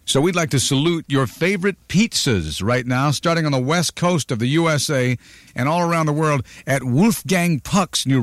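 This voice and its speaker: A man's voice: fairly high pitch, dry recording, studio quality. Playful man hosting a radio countdown. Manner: playful, chatty, teasing callers.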